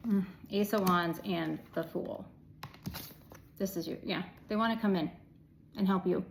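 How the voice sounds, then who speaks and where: Gravelly-voiced woman giving a tarot reading. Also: on the low side, unhurried, slight background noise, rough recording. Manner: chatty, affirming, swears casually, drops to whispers. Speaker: tarot reader. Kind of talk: casual tarot reading to camera.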